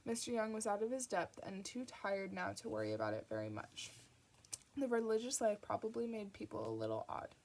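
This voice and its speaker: A woman reading a novel aloud, with steady narration and small restarts. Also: mid-range voice, fairly quick, slight background noise. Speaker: audiobook reader.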